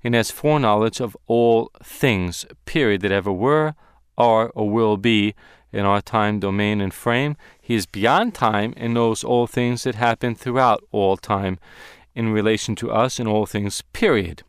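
A man teaching a Bible lesson on Hebrew words, speaking deliberately and slowing down to stress key words. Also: fairly low pitch, clear, resonant tone, dry recording, clean studio sound.

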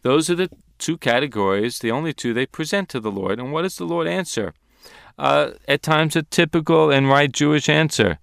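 A man's voice: a little high, animated, normal speed, vocal fry, a bit bright, clear, resonant tone, dry recording, clean studio sound. Emphatic male Bible teacher. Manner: emphatic, dramatic quoting of disciples. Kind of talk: teaching sermon.

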